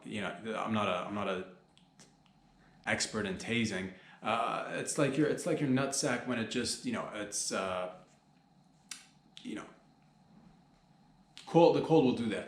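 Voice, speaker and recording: A man's voice: medium pitch, reverberant. A man hosting a comedy podcast, riffing in a loose, profane monologue full of slang and mock-panicked outbursts.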